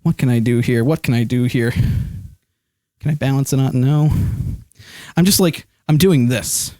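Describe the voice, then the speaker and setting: A man's voice: medium pitch, unhurried, mellow, no echo, studio quality. A man streaming live, rambling casually and reading chat comments aloud with lots of fillers while holding his phone. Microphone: desk microphone.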